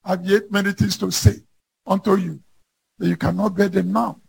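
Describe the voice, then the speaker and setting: High-pitched gravelly husky preacher man. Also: level tone. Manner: fervent, rising to shouts on key lines; slow, emphatic scripture reading. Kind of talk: sermon.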